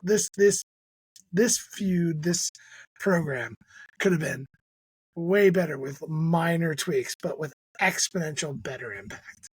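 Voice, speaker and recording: A man's voice: on the high side, slow pace, slightly rough, dry recording. A man co-hosting a podcast in casual chat, ranting emphatically and critically, often restarting his sentences. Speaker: podcast co-host.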